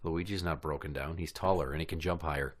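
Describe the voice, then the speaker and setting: A man's voice: very deep voice, quick pace, a little hiss or hum. A man hosting a podcast, chatting casually with a guest, teasing and swearing freely. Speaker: podcast host. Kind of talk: casual profane chat.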